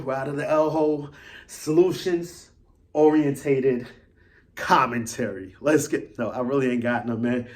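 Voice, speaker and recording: Speaking alone as a fan vlogger, a man gives casual, rambling commentary in a fairly high voice. He's animated and repetitive, his volume rising and falling from loud to soft.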